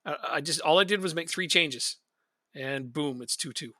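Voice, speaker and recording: A man's voice: a little high, moderate pace, pushed and bright, dry recording, clean studio sound. A man streaming a game, chatting casually and venting his frustration with frequent laughs. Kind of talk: casual gaming chat.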